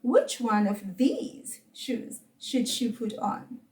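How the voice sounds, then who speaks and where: A woman with a South African accent teaching a children's language lesson, encouraging and patient, saying words slowly for kids to repeat. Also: fairly high pitch, big pitch swings, darkish tone, echoey room, recorded from a distance.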